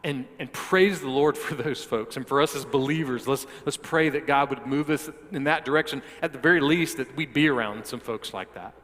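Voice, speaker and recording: A man's voice: mid-range voice, normal speed, few pauses, a bit bright. A male pastor preaching a sermon, often repeating words as he restarts and putting direct questions to the listeners. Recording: long hall reverb.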